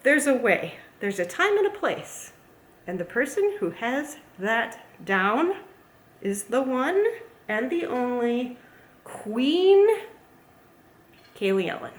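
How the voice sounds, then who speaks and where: A woman's voice: fairly high pitch, very animated, unhurried. A woman chatting casually as a plant YouTuber, gushing and playful. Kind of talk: casual vlog chat. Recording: echoey room, faint ambience.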